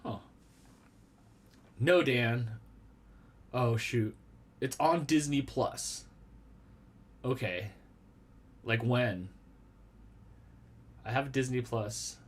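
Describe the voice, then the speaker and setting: A man chats on a live stream from a small room at home. His voice sits at an ordinary middle pitch. He rambles playfully, answers his viewers and makes jokes about himself. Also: extremely slow, long pauses, breathy edge. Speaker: vlogger hosting a live stream. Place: small room at home with a red wall and lava lamps.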